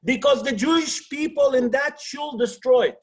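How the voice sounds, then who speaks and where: A man's voice: very high-pitched, normal speed. A man who is a rabbi teaching an online class over a video call. He talks earnestly, asks rhetorical questions and uses non-native English grammar.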